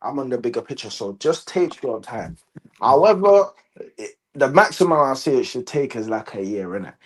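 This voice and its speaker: A young man, talking excitedly and casually as a football fan, full of slang and repeating "bro" and "you understand". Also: medium pitch, normal speed, dry recording, studio quality. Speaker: guest fan.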